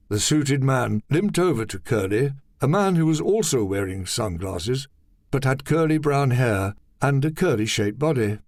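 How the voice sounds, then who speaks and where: A man narrating a children's audiobook in a lively, expressive reading. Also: mid-range voice, a little slow, no echo, studio quality. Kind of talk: scripted storybook narration.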